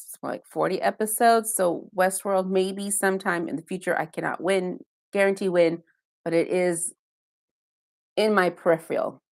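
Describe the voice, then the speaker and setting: A woman hosting a casual live stream from her home basement, chatting loosely and answering viewer comments one by one, with self-deprecating asides. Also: medium pitch. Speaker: live-stream host reading viewer chat.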